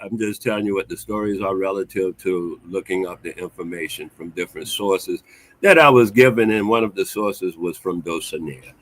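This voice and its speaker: A man's voice: low voice, moderate pace, poor audio. A man in a casual discussion, explaining his view patiently with some hesitations. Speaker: podcast panelist.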